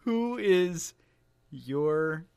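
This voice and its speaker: A man co-hosting a casual sports podcast, wry and deadpan with bursts of laughter. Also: on the high side, drawn-out words, vocal fry, clear, resonant tone, no room sound. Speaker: podcast co-host.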